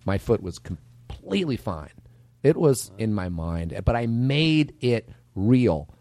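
A middle-aged man, a podcast guest, telling a story in casual chat, animated and prone to repeating himself. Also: lowish voice, takes it slowly.

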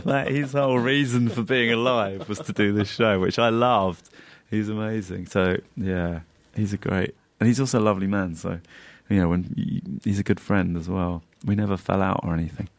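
Man, very low voice, gravelly fry, casual interview chat, rambling anecdotes, chuckles along. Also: moderate pace. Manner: rambling storyteller, laughs often while telling anecdotes; slips into animated voices when quoting friends. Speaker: guest comedian.

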